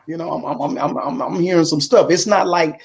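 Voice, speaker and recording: A man in his fifties tells his story as an interview guest, speaking through a computer on a video call. His voice sits a touch higher than most men's. He acts out both sides of past conversations and keeps dropping in "man.". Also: fairly even intonation, brisk, vocal fry. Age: 50s. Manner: acts out dialogue, drops in "man" a lot.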